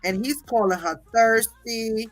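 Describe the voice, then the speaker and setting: A woman hosting a livestream, gossiping and reading chat in a loud, profane, laughing manner. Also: fairly high pitch, unhurried. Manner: animated, profane, laughing often. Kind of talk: casual gossip commentary.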